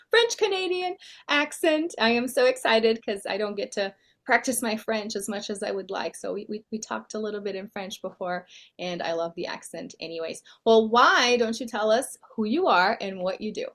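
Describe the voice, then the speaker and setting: A woman's voice: mid-range voice, normal speed, a bit bright. A woman hosting a podcast, enthusiastic and affirming as she welcomes and interviews her guest. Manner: upbeat and enthusiastic, with frequent affirmations. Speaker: podcast host.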